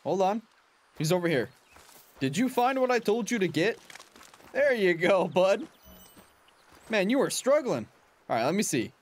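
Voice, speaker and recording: A young man talks through a hunting game in a loose, chatty way, laughing and cheering on his virtual dog. His voice sits a bit high for a man. His pitch swings widely as he reacts. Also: sing-song, normal speed, long pauses. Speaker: gaming channel host. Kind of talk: casual gameplay commentary.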